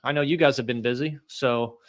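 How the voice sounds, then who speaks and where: A man co-hosting, talking in a relaxed, easygoing way about his week. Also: medium pitch, brisk. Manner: relaxed, easygoing, lots of fillers. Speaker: co-host. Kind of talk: casual chat.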